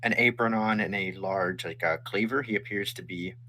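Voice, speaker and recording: Low-voiced, bright-toned male game master. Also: a little hiss or hum. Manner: unhurried, descriptive scene-setting. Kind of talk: narrating a tabletop game.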